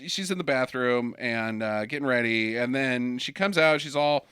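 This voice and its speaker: A man riffs through a casual movie-review chat with a bright, clear voice. His pitch bounces around as he jokes and acts out characters' lines. The sound is dry and close. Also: normal speed, dry recording. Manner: joking, laughs often, acts out characters' lines. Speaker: podcast co-host.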